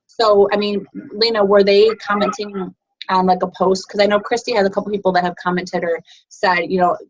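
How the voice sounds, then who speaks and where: A woman's voice: medium pitch, level tone. A woman coaching her team on a group video call, chatty and encouraging. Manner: encouraging, chatty, fast asides. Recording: dull lo-fi call audio.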